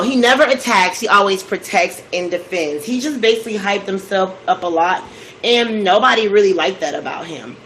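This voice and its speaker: Give me a chatty woman with a mid-pitched voice recapping a story on her vlog. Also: a little hiss or hum, low-quality recording. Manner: chatty, with animated quoted voices. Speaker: cooking vlog host.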